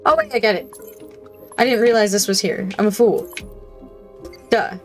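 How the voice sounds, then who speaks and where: A woman speaks at normal speed in a mid-range voice, faint music playing in the background. She's hosting a gaming channel with let's-play commentary, talking to herself, humming, reading on-screen text aloud, and laughing at herself when she gets easily scared.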